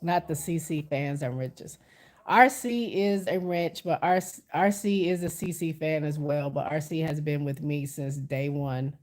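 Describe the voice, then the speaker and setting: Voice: mid-range voice, a little slow, darkish tone. A livestreamer who is stuffy from a cold, chatting casually to viewers and reading their comments aloud, with frequent restarts. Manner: talks straight to viewers, frequent restarts and self-corrections.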